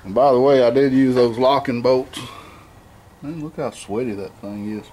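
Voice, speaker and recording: A man's voice: mid-range voice, moderate pace, warm tone, a little hiss or hum. Easygoing man talking shop in a garage. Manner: rambling, with frequent fillers and self-corrections; plainspoken, easygoing. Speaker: home mechanic vlogger. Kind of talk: casual shop walkthrough.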